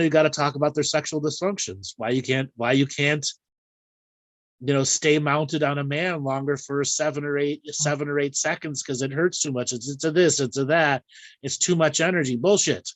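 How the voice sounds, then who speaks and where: Male host, slightly high voice, dry close sound, blunt, bawdy and quick to laugh. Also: no room sound. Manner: frank, bawdy and laughing often. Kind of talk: casual live chat.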